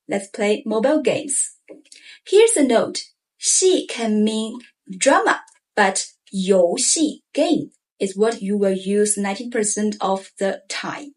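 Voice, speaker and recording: A woman, a teacher giving a clear, deliberate language lesson with repeated example phrases. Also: fairly high pitch, expressive. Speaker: Chinese teacher.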